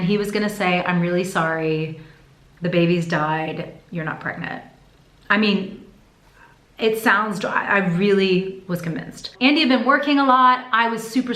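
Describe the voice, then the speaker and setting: A woman talking to camera in a casual vlog, telling her story in a chatty, expressive way. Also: medium pitch. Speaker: vlogger. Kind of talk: casual pregnancy update vlog. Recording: echoey room.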